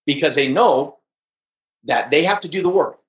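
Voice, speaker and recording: A trainer appearing as a podcast guest tells stories in an interview with high energy, animated and emphatic, driving each point home at normal speed. His voice sits a little high for a man, and the recording is echoey, dull and lo-fi.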